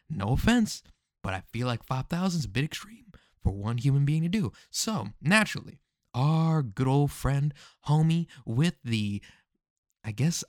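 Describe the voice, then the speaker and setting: Male commentary host with a very lively voice, dry close recording, casual, slangy and full of rhetorical questions. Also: mid-range voice, no room sound.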